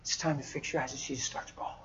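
A man preaching a sermon in a storytelling way, swinging from hushed, soft lines to loud, laughing outbursts. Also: mid-range voice, flat delivery, fast talker, slightly rough, lo-fi sound.

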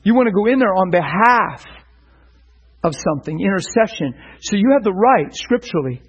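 A middle-aged man preaching earnestly about prayer, animated and stumbling over repeated words. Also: high voice, normal speed, husky, lo-fi sound. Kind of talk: sermon-style teaching.

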